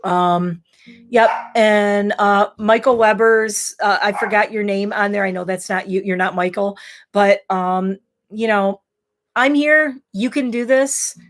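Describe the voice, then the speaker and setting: On a beauty livestream, a slightly wine-tipsy woman in her thirties rambles and talks frankly with her viewers. Her mid-range voice stays level and unhurried throughout the casual chat.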